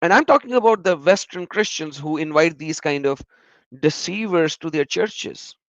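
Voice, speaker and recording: A man's voice: a little high, lively intonation, moderate pace, fairly bright tone, no room sound, lo-fi sound. A man giving reaction commentary on video clips, emphatic and repeating words for stress.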